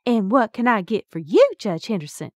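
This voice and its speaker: A woman putting on a breathy Mississippi waitress. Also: sits high, animated, measured pace, dry recording, clean studio sound, pitched above the performer's own voice. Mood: flirty. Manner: heavy drawl, breathy. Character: flirtatious middle-aged Southern waitress.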